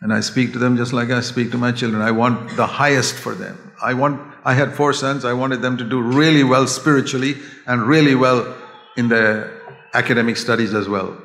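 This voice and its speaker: An older man preaching a sermon, earnest and pleading, dropping to a hush and then rising to a raised voice. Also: mid-range voice, fairly even intonation, moderate pace. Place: church hall. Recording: echoey hall.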